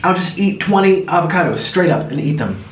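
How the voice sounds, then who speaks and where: Between bites on camera, a young man vlogs his meal, his voice on the higher side and his pace a little fast as he tells lively stories through a full mouth. A faint hiss or hum runs under the echoey room sound, picked up by a somewhat distant mic.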